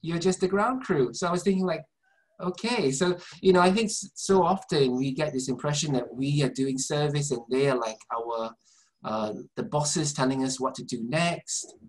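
Male guest, earnest rambling storyteller, mid pitch. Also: moderate pace, rough recording. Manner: earnest, meandering, many restarts. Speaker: interview guest. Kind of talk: conversational storytelling. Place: Southampton, UK.

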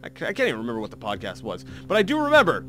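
A man's voice: mid-range voice, wildly swooping pitch, rapid-fire, pushed and bright. A man in his thirties giving rambling, self-mocking commentary while playing a game, full of restarts and fillers. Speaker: let's play commentator. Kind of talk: gameplay commentary.

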